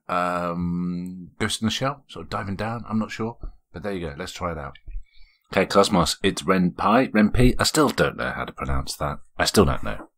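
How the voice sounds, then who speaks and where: Very deep-voiced man playing games. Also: a bit bright. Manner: chatty, reads on-screen text aloud with stumbles. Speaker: game reviewer. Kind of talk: casual let's-play commentary. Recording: background music clearly audible.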